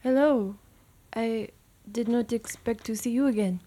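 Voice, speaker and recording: A woman voicing a shy, humble young male gnome necromancer, speaking softly and politely. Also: a little high, unhurried, voice pushed up. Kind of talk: tabletop role-play.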